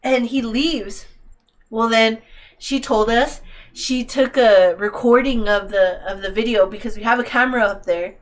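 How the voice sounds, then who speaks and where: A woman's voice: fairly high pitch, measured pace. A young woman casually telling a long story on a podcast, rambling and swearing, full of "like" and acted-out quotes. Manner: rambling, profane, heavy on "like". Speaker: podcast co-host.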